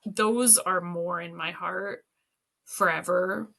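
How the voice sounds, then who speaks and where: A woman's voice: fairly low pitch, fairly even intonation, takes it slowly, sharp tone. A woman educator, a guest on an interview podcast, telling anecdotes casually with lots of laughter and fillers.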